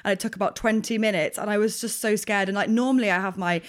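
A woman's voice: mid-range voice, fairly even intonation, fast talker. A woman co-hosting a podcast, telling a story in a rambling way with lots of fillers. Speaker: podcast co-host. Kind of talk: casual chat.

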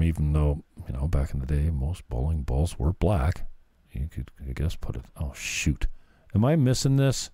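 A man's voice: rumbling low, gravelly, dark tone, slightly rough, no room sound, studio quality. A man hosting a sarcastic commentary show, mocking the clips he plays. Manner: sarcastic, jeering. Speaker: commentary host.

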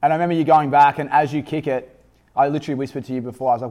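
A man's voice: a little high, fairly even intonation, racing, a little mellow. An Australian man, a former footballer, who hosts a podcast and interviews his old teammate in a chatty, matey way. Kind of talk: casual interview chat.

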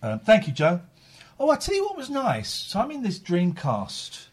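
A man's voice: sits high, huge pitch swings, normal speed, husky. A tired man, host of a casual live stream, rambling and repeating himself.

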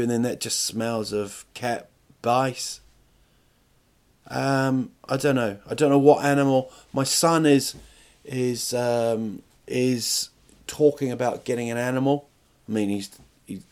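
A man's voice: medium pitch, darkish tone. Male podcast host, solo comic rant, rambling, self-interrupting, swears a lot. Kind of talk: rambling comedic monologue.

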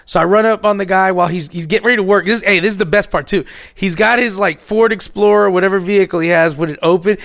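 High-voiced profane storyteller man. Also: quick pace, hardly any pauses, dry recording, clean studio sound. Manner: profane, animated, acts out others in a lower voice. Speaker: podcast co-host telling a story. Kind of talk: casual storytelling chat.

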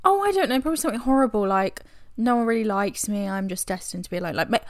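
A young woman co-hosting a podcast in casual chat, a bit tipsy, self-deprecating and giggly with quick asides. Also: medium pitch, lively intonation, dry recording, studio quality. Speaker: podcast co-host.

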